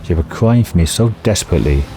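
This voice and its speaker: Dude reading out a cruel ghost captain lady, deep mellow voice, game music faint behind. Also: fast talker, a little hiss or hum. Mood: mock tender. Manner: read aloud flatly from game text. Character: cruel dead woman captain returned as spirit.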